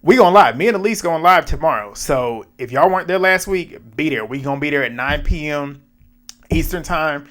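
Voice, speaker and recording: Animated, profane man recapping. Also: fairly high pitch, moderate pace. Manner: animated, profane, laughing, quoting his own reactions. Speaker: reality show recap YouTuber. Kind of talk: casual reaction recap.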